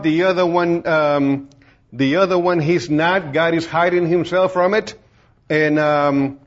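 A man preaching an informal sermon in a plain-spoken, folksy way, rambling with many fillers and restarts. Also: fairly high pitch. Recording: dull lo-fi recording.

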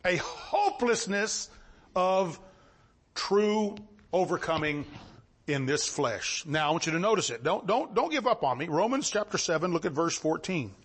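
A man preaching a sermon, reading scripture aloud and swinging between low, measured reading and high exclamations. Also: very animated, breathy edge. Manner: reads scripture in King James wording.

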